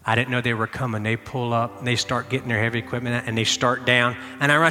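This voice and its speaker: Man, middle-aged, pastor, sermon, very bright voice, long hall echo. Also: medium pitch, racing, few pauses. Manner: animated storytelling, shouting in reenactments, dropping to quiet prayer. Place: church sanctuary. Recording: long hall reverb with faint music.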